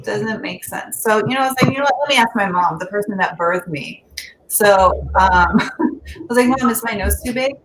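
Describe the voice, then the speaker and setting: A woman doing a stand-up comedy set in a casual, unhurried way, laughing at her own jokes. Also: medium pitch, reverberant, background noise.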